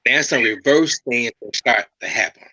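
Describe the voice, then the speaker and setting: A guest hair stylist in a casual interview, this man explains through stories, repeats himself, and keeps checking in with "okay?" and "right?". His medium-pitched voice is animated, pushed, bright and husky at normal speed, in a dry, poor-quality recording.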